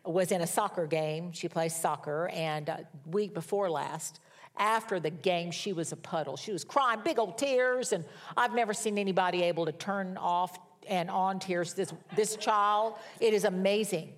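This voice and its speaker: Older female pastor, lower register, homespun storyteller with a wry streak. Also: moderate pace. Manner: conversational, folksy storytelling with wry humor. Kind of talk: sermon.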